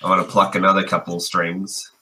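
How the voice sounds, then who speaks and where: A man's voice: low-pitched, completely flat delivery, fairly quick, bright, forceful tone, a little hiss or hum, low-quality recording. A man playing a tabletop game, talking in a hesitant, playful way with many fillers. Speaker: player.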